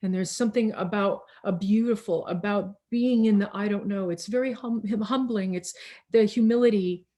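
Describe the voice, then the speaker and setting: A woman's voice: medium pitch, warm tone. Reflective woman preaching over a video call. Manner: slow, reflective, with repeated words and emphatic pauses. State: tired. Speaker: pastor.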